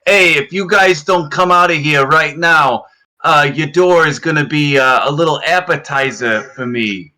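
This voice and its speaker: A man's voice: on the high side, moderate pace, pushed and bright, pitched above the performer's own voice. A man voicing an adventurer mimicking a goblin with playful threats. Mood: threatening. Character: menacing male adventurer faking a goblin.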